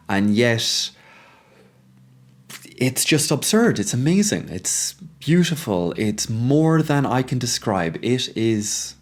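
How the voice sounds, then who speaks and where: A man hosting a reflective monologue, thinking aloud with frequent pauses and restarts, growing urgent as he goes. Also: lowish voice, lively intonation. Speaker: podcast host.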